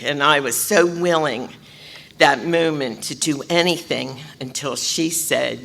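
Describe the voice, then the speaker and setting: A woman telling her recovery story at a convention, animated, acting out other people's voices and laughing often. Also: low-pitched, a little slow, gravelly. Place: large convention hall. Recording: reverberant hall, faint room noise.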